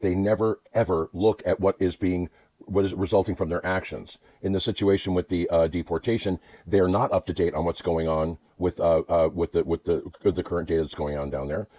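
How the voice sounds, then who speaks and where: A man delivering a blunt, profane political rant to camera, swinging between low muttering and outbursts. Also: fairly even intonation, a little fast, mellow, dry recording. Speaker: vlogger.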